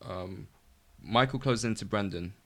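A man with a fairly low voice reads his script aloud, tripping over words and restarting often. His manner is nervous and halting, and it turns into loose, casual chat with a friend. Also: fairly bright tone.

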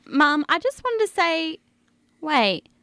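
A woman's voice: extremely high pitch, sing-song, takes it slowly, pushed and bright, dry recording. A woman playing a flustered player in a scripted comedy sketch. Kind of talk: scripted comedy role-play.

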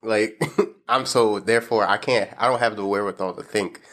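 A man's voice: lowish voice, fairly quick, a bit bright. A man talking casually with his partner, full of fillers and frequent laughter. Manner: laughs often, lots of "like" fillers. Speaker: husband co-host. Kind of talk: casual couple chat.

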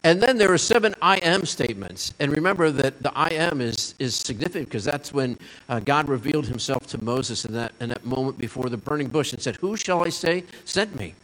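A man's voice: mid-range voice, animated, a little fast, fairly bright tone. Guy preaching a sermon, earnest, keeps asking the listeners stuff, voice rings out in a big echoey hall. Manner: earnest, asks listeners questions, repeats lines for emphasis. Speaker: pastor.

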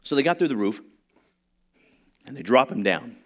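A man's voice: medium pitch, moderate pace. A man preaching a sermon, telling a story with humor and acting out the voices of the people in it. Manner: animated storytelling, acts out voices, humorous asides. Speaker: pastor.

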